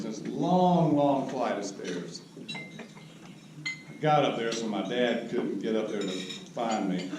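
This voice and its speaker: An older man giving a humorous storytelling speech at a roast, with wry, unhurried comic timing. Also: medium pitch. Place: large banquet hall. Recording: echoey hall recorded from a distance with background noise.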